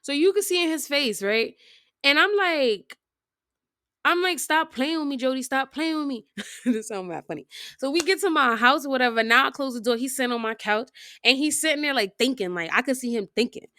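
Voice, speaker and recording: A woman telling a storytime over gameplay, her voice sitting a bit high. She retells everything in an animated, slangy rush full of fillers. The sound is dry, close and without room echo. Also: brisk. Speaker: storytime vlogger.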